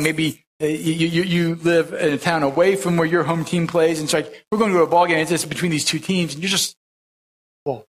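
Male pastor, fairly high voice, folksy sermon full of restarts and repeats. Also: fairly bright tone. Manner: conversational preaching with frequent repetitions and restarts.

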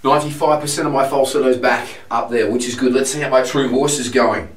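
A man with laryngitis, a singing teacher talking through his vocal warm-ups with a husky, strained voice. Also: fairly even intonation, fairly quick. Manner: talks through exercises, testing falsetto with sung sirens. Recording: echoey room, far from mic, loud piano.

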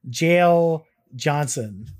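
A man's voice: a little high, animated, extremely slow, darkish tone. A man co-hosting a casual reaction show, talking in a laid-back and wry way. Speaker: co-host.

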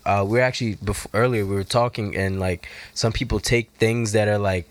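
Lowish male co-host, rambly chat, recorded dry and close. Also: steady tone, moderate pace, no echo. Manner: rambling, filler-heavy, restarts. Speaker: podcast co-host. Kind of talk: casual podcast chat.

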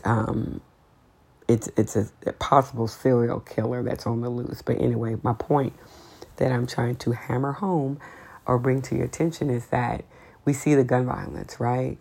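A woman with an unusually low voice, rough with vocal fry, holds forth on her podcast in a casual, unfiltered monologue. She is blunt and outspoken, and her pitch jumps up when she gets heated. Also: warm tone. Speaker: podcast host.

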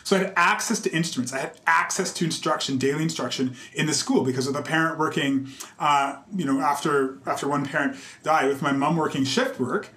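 A man's voice: on the high side, a little fast. A man from Canada, a conductor, telling stories in a casual interview, with many fillers and quoted voices acted out. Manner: animated, many fillers, acts out quotes in a raised voice. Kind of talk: casual conversational storytelling. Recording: roomy echo.

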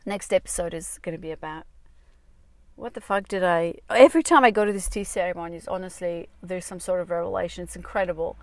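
A woman's voice: on the low side, brisk, no room sound. Brief: woman dating-coach podcaster, raw confessional monologue, salty language, close dry mic in a parked car. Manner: confessional, rambling, swears freely. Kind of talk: candid solo podcast monologue. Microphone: small clip-on mic on a phone.

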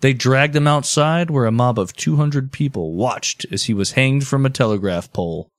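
Dry-miked relaxed male storyteller. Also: mid-range voice, moderate pace, dry recording. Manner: relaxed storyteller, drifts into joking asides. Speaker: podcast host telling the story. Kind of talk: storytelling podcast chat.

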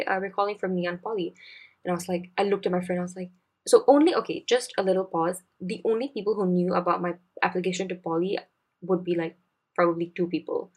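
A Singaporean woman in her twenties hosts a podcast, spinning a personal story in a chatty, confiding, slangy way. Her voice sits a little low for a woman. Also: fairly even intonation, a little fast, a little mellow, breathy edge. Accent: Singaporean English. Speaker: podcast host.

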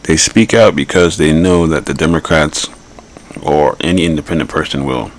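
A man's voice: a bass voice, moderate pace. A man hosting a podcast, giving blunt, rambling political commentary and repeating his points. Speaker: podcast host.

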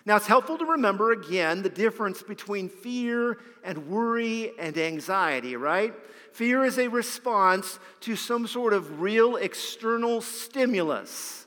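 A man's voice: high-pitched, expressive, a little slow, sharp tone. A man, a pastor, preaching a sermon and telling a story, often repeating a word as he starts a phrase. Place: church sanctuary. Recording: long hall reverb.

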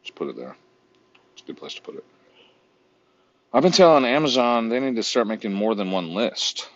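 A man's voice: medium pitch, big pitch swings, normal speed, lo-fi sound. A man vlogging in a casual, rambling, profane way while browsing online, often mocking himself.

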